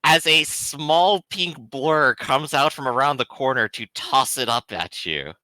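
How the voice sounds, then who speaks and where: A man narrating as game master of a tabletop role-playing game, with lively descriptive delivery. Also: mid-range voice, unhurried, no room sound.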